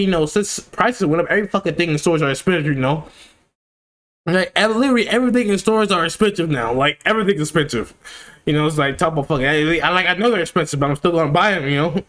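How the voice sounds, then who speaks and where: A man hosting a reaction video, chatting casually in a rambling, excitable way and swearing freely. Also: fairly high pitch, quick pace.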